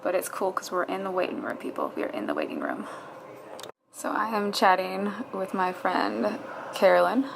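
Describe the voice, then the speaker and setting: A fitness vlogger talks casually to herself and her viewers, exasperated and swearing while she tries to register online. Her mid-range voice swings widely in pitch at a normal speed, with vocal fry over a noisy background.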